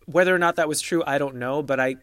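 A man co-hosting a podcast in casual gossip chat, measured and analytical, often mimicking people he quotes. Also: a little high, a bit bright, smooth, dry recording, studio quality. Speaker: podcast co-host.

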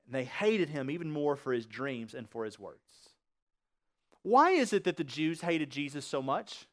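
Male preacher, high voice, sermon delivery, asks the room and answers himself. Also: sing-song, moderate pace. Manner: asks the congregation rhetorical questions.

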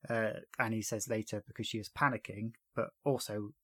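A man's voice: on the low side, fairly even intonation, fairly quick, fairly bright tone, no echo. A man hosting a casual podcast, chatting about a TV series episode and retelling scenes with frequent laughs. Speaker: podcast host.

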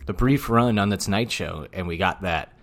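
A man with a low voice co-hosts a casual podcast. He talks bluntly, teases his co-host and slides into ranting. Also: normal speed. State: out of breath. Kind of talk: casual chat.

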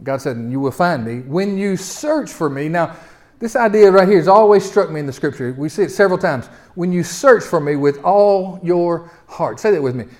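Male pastor, high voice, sermon with call-and-response, alternates loud emphasis and hushed reflection. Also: animated, moderate pace. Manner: swings from loud, emphatic exhortation to low, quiet reflection; repetitive, call-and-response delivery with stutter-starts.

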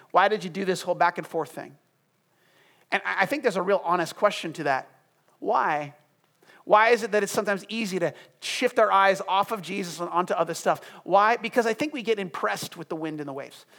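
A man preaching a sermon to a congregation, firing off emphatic questions and then dropping into soft, hushed prayer. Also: high voice, brisk. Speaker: pastor. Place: church room with congregation. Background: soft music.

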